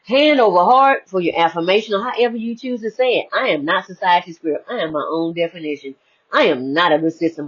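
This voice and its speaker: Woman, husky, spiritual motivational talk, animated and laughing, muffled lo-fi recording. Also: deep voice. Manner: lively, swings between hushed and exclaiming, laughs often. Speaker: inspirational speaker. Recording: muffled lo-fi audio.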